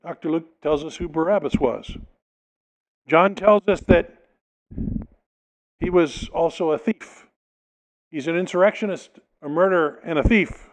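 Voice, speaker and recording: A man's voice: fairly high pitch, unhurried, pauses often, rough recording. A male pastor preaching a sermon, reading a passage aloud and explaining it, sometimes acting out the people in it. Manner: expository preaching, reads scripture then explains it, dramatizes quotes.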